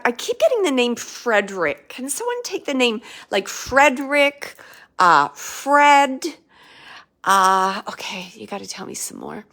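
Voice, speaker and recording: A woman working as a psychic medium, giving a live spirit reading in a halting, emotional way with many fillers and restarts. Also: fairly high pitch, a bit bright.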